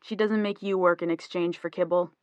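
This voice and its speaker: Woman voicing teasing young husband, storybook, lowish voice, dry close sound. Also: steady tone, fairly quick, darkish tone, no echo, highs cut off, lightly acted. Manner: teasing, joking banter. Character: easygoing playful young husband, rock musician.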